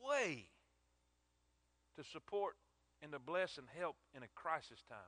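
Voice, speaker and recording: A man's voice: on the high side, big pitch swings, unhurried, a bit bright, no echo. A man preaching a sermon in an emphatic, emotional way, often repeating his words.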